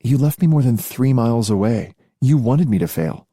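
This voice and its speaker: A man's voice: medium pitch, animated, moderate pace, mellow, dry recording, clean studio sound, voice pushed up. A man voicing a spirited young tiger princess in an audiobook, playful and eager. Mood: teasing. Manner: teasing, eager. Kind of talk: audiobook character voice.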